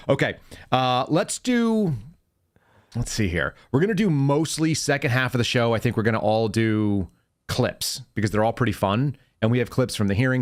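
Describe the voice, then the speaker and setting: Male podcast host, ex-agent, low voice, rapid-fire rambling stories. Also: no room sound, studio quality. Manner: rapid, rambling anecdotes with self-corrections. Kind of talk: casual podcast chat and storytelling.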